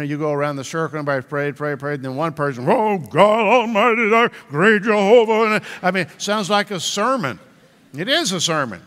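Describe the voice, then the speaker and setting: Male pastor, conversational sermon delivery with slow emphatic repeats, higher register, long hall reverb. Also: bright, forceful tone.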